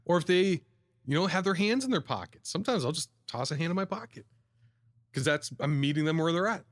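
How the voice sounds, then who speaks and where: A man co-hosting a casual podcast chat about sales, telling lively stories and laughing often. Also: fairly high pitch, brisk, no room sound, studio quality. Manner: lively storyteller, laughs often, acts out customers. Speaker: sales coach, podcast co-host.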